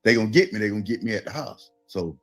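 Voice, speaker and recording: Southern georgia guy, lowish voice, just telling his story laid back, faint music under it. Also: quick pace, breathy edge. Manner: relaxed storytelling with quoted voices. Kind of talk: casual storytelling.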